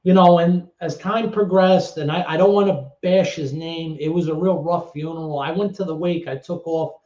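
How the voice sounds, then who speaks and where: A middle-aged man tells a candid story as an interview guest, blunt and swearing, with halting repetitions. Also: on the high side, steady tone, darkish tone. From New York. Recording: roomy, dull lo-fi sound.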